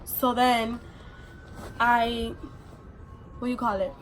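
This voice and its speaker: A woman's voice: fairly high pitch, level tone, takes it slowly, a little hiss or hum. A young adult woman vlogger telling a personal story in a casual, rambling way, full of fillers.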